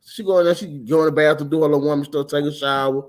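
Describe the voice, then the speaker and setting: A young man with a high-pitched voice hosts a casual talk show. He tells stories loudly and profanely, breaking into shouted bursts as the tale builds. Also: fast, slight background noise. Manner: loud, profane, animated storytelling with shouted bursts. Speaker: podcast host. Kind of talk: casual storytelling chat.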